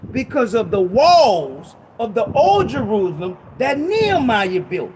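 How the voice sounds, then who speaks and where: Male preacher, very high and animated voice, exhorting, slow scripture reading. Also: a little hiss or hum, rough recording. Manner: exhorting, reads scripture slowly and repeats lines. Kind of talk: sermon teaching.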